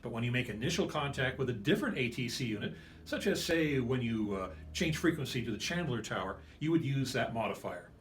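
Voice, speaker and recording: Measured male instructor narrating a lesson. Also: medium pitch, animated, slight background noise. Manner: measured, explanatory.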